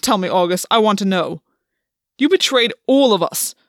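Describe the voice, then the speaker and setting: A woman's voice: mid-range voice, animated, moderate pace, no room sound, clean studio sound, lightly acted. A woman voicing a desperate, bitter male fae king in an audiobook reading, pleading and accusing in a raw tone.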